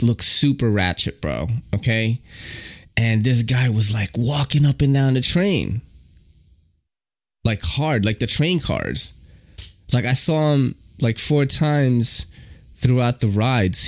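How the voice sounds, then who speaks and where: A man's voice: mid-range voice, darkish tone, no echo, clean studio sound. A young man hosting a solo podcast in casual, rambling chat, slangy and swearing freely. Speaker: podcast host.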